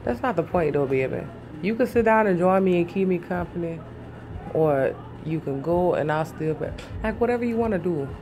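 A woman's voice: lowish voice, animated, normal speed, music in the background. Chatty woman vlogging with hiccups. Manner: chatty, rambling, calls viewers "baby". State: has the hiccups. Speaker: YouTuber. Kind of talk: casual vlog chat.

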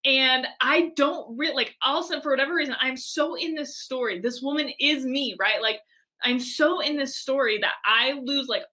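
A young woman speaks as an interview guest, her voice bright and sitting a little high. She talks animatedly, leaning on fillers and jumping into little acted-out voices. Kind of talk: storytelling interview talk.

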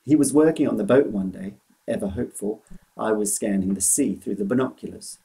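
A man reading a children's novel aloud in an expressive, animated storytelling manner. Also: fairly low pitch, a little fast, gravelly, low-quality recording.

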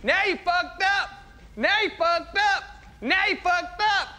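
An actor playing a crude, loud heckling male president who taunts and repeats insults in a comedy sketch. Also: very high voice, slow, heavily acted. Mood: taunting. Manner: loud, foul-mouthed, repetitive taunting.

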